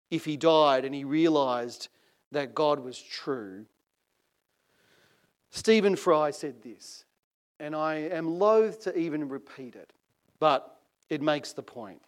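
A male preacher delivering a sermon, reading passages aloud with measured, dramatic emphasis that swells on key phrases. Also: fairly high pitch.

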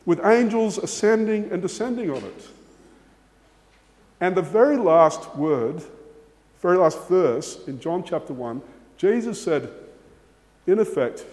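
A man's voice: sits high, darkish tone, long reverb tail. A man preaching a sermon, earnest and emphatic, repeating key words for stress. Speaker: pastor.

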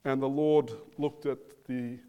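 A man preaching a sermon, slow and emphatic, repeating phrases for weight. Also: mid-range voice, flat delivery, warm tone, clear, resonant tone, highs cut off. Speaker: pastor.

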